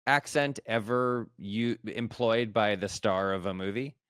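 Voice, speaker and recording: A male co-host with a lowish voice, speaking in a relaxed, wry way and dropping dry jokes. The recording is close and dry, with no room echo. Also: a little slow, clear, resonant tone. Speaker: podcast co-host. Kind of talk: casual chat.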